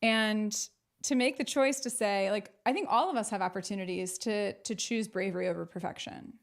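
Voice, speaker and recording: A woman's voice: mid-range voice, normal speed, vocal fry. Woman host with a mid-range voice, affirming and reflective in conversation. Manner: warmly affirming listener. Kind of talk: casual chat.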